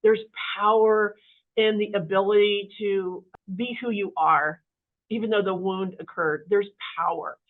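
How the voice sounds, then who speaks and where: A woman guest telling her life story in an interview, animated and full of fillers, acting out the voices of the people in it. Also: medium pitch, measured pace. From Kansas City area, US. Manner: animated, acts out quoted voices, many fillers. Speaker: podcast guest. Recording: phone-like narrow audio.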